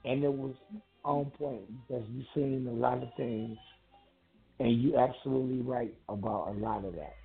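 A man phoning in to a radio talk show speaks in a loose, slangy, easygoing way. His voice has a rough, gravelly edge and a breathy, husky grain. The call sounds thin and tinny, like a phone line, with faint music underneath. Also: medium pitch, normal speed. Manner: laid-back slangy talk, laughs often. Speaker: caller. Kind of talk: casual call-in chat.

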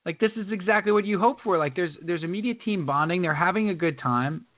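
A man co-hosting a casual sports podcast, animated and jokey, often slipping into impressions. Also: sits high, fast, no echo. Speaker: podcast co-host. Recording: dry tinny phone-like sound.

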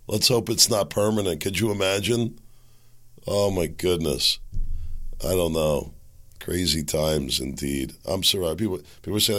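Hoarse, self-mocking male podcast host. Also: lowish voice, normal speed. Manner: wry, self-mocking, rambling. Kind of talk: casual solo podcast monologue.

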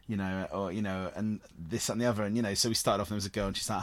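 A man's voice: fairly low pitch, steady tone, quick pace, few pauses, dry recording. A man from Cornwall, a guest on an interview show who tells long, rambling stories and laughs often. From Cornwall, England. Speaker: guest actor. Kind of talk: casual interview storytelling.

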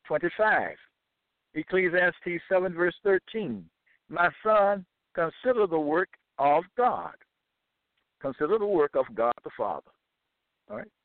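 A man teaching from scripture in a deliberate, measured way, citing each chapter and verse aloud. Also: high-pitched, very animated, no echo. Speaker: bible teacher. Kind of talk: slow scripture reading and teaching. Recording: dry, tinny phone-like sound.

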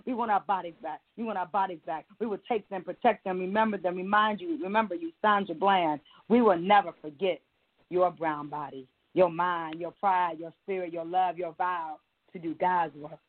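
A woman's voice: on the low side, fairly even intonation, normal speed. A middle-aged woman poet performing spoken word in a rhythmic, chant-like cadence, then chatting as a guest. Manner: rhythmic, repetitive chant-like delivery. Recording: tinny phone-like line.

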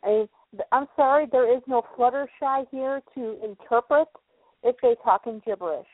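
A woman with a husky, somewhat high voice chats in halting bursts and restarts her sentences. The sound is narrow like a phone call. It is dry and close. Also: dry recording. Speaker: podcast co-host. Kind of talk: casual chat.

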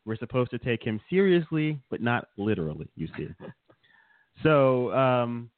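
A man's voice: mid-range voice, animated, unhurried, dry recording. Guy rambling and teasing on a chat show, keeps chuckling, sounds tinny like a phone line. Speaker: podcast co-host. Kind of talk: casual comedic chat.

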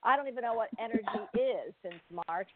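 A woman's voice: on the high side, expressive, a little fast, a loud crowd. Effusive chatty woman host, phone-like audio. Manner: effusive, chatty, laughs often. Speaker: radio show host. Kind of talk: casual call-in chat.

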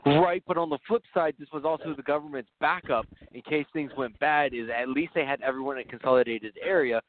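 A man's voice: on the high side, a little fast. A man in a casual film discussion, asking questions and laughing along. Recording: tinny phone line with crowd noise.

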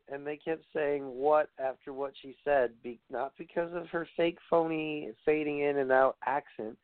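A man's voice: fairly high pitch, steady tone, moderate pace, hardly any pauses, no echo. A man giving a rambling, profane rant as a wrestling commentator, sounding exasperated. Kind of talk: ranting podcast commentary. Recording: dry tinny phone-like audio.

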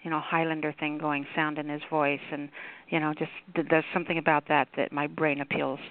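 A woman's voice: sits low, flat delivery, fairly quick. A woman hosting a call-in poetry radio show, chatting casually and rambling with lots of fillers. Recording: tinny phone-line audio.

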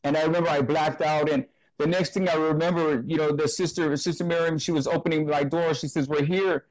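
A man giving an emotional personal testimony as an interview guest, talking earnestly and haltingly, often repeating words and restarting. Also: a little high, fairly even intonation, dry recording, rough recording.

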